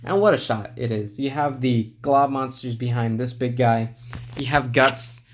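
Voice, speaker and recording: A man reviewing a manga volume in a relaxed, rambling way, with lots of filler sounds and small chuckles. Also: mid-range voice, a little slow. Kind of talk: casual video review.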